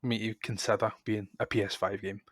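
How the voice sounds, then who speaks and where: Rambling Scottish man, low dry voice. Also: little pitch movement, a little fast, fairly bright tone, dry recording. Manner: rambling, many restarts and fillers. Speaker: podcast co-host. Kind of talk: casual chat.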